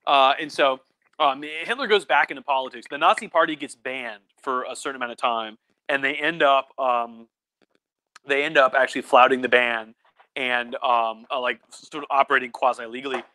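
A man's voice: medium pitch, moderate pace, sharp tone, no room sound. A tipsy male professor giving a rambling, casual livestream lecture at home, full of fillers and mock voices for quotes. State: drinking, tipsy.

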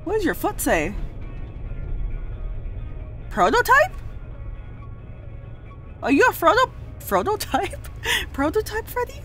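A woman streaming a horror game, excitable and teary, shaky with nerves and yelping and laughing at each scare. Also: very high-pitched, takes it slowly, pauses often, faint music behind. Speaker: gaming streamer. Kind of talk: horror game let's play commentary.

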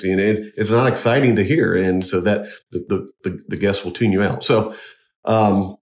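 A man, a wedding DJ, talking in a casual interview, halting with many restarts but earnest. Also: on the low side. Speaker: wedding DJ and MC, guest.

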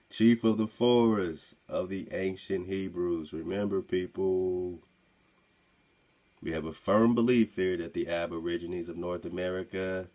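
A man's voice: low voice, a little mellow. A man hosting a radio show, breaking in with emphatic rhetorical questions and commentary. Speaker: radio host. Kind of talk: commentary over a played clip.

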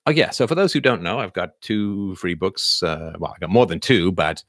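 A man's voice: on the low side, normal speed, hardly any pauses, a bit bright, no room sound, studio quality. A middle-aged man hosting a live chat, rambling through viewer questions with lots of fillers and restarts. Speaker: livestream host answering viewers.

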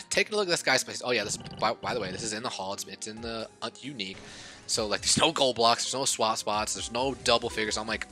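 A man giving casual commentary over a game he recorded, muttering at times and then bursting out loud, and a little short of breath. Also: mid-range voice, fast, faint music behind. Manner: excitable, swings from mumbling to outbursts. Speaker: gaming YouTuber.

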